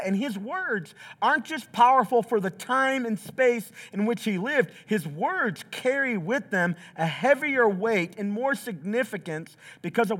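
A man preaching from the pulpit in a church, his voice sitting high for a man. It rises and falls in wide, animated swings as he acts out the scripture he quotes. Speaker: pastor. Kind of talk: sermon. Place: church sanctuary.

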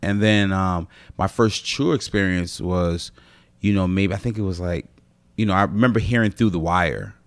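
A man's voice: deep voice, moderate pace, clear, resonant tone, no echo. A man who is a comedian guest, telling stories in casual podcast chat, rambling with many fillers.

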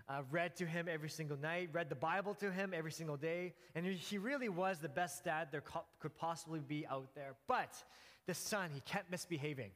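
A man preaching a sermon, telling a story in an earnest way, pausing and restarting as he goes. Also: a little high, a bit bright. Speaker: pastor. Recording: long hall reverb.

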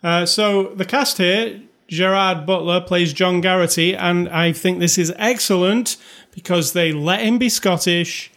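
A man's voice: high voice, steady tone, unhurried, fairly bright tone. A man co-hosting a casual movie review chat, rambling and conversational with lots of fillers. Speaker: podcast co-host.

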